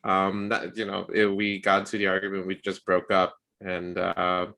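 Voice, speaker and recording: Bright-voiced man telling a dating story. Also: normal speed, creaky. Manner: animated storyteller, acts out quotes with rising pitch. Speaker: podcast co-host. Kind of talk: casual storytelling chat.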